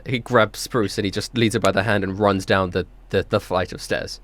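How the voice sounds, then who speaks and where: A man's voice: fairly low pitch, fairly even intonation, moderate pace, fairly bright tone, no echo. A man running a tabletop game as game master, narrating casually with hesitant fillers.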